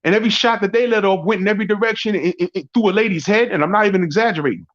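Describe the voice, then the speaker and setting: A man hosting a barbershop talk show, ranting profanely and mocking his critics in a rambling, loud way. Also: high voice, very fast. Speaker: podcast host. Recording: dull lo-fi audio.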